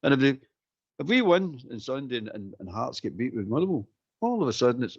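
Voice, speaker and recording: A Scottish man with a gravelly, husky voice that rises and falls a lot as he talks football on a phone-in. He keeps repeating himself and tacks "mate" onto his sentences. The audio is dull and lo-fi. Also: medium pitch, quick pace. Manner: animated, repeats himself, says "mate" often. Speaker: caller.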